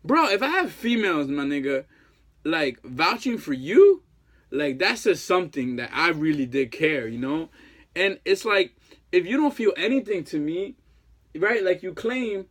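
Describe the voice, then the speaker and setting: A man in his thirties with a noticeably high voice pleads in a long rambling monologue. He circles back on himself with constant fillers and casual, profane slang, like a jilted ex talking straight to the camera. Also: big pitch swings, a little slow, fairly bright tone. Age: 30s. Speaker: jilted ex-boyfriend.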